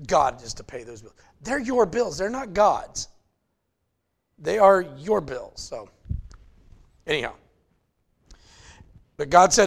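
A man preaching a sermon in a conversational way, checking in with "okay?" and building up to loud, emphatic passages. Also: a little high, very animated, slow, gravelly, pauses often. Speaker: pastor.

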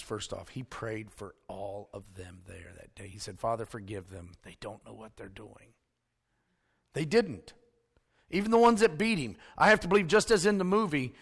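A male preacher, delivering a sermon that swings from hushed storytelling to emphatic shouting. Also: medium pitch, slightly rough.

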